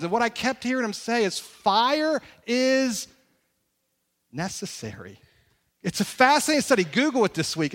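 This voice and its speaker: A man's voice: high voice, a bit bright. A man preaching a conversational sermon as pastor, with emphatic repetition and rhetorical questions. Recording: long hall reverb.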